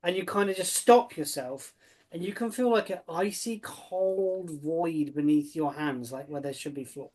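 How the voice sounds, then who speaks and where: A woman's voice: low voice, unhurried, mellow. A woman narrating as game master, playful and often laughing.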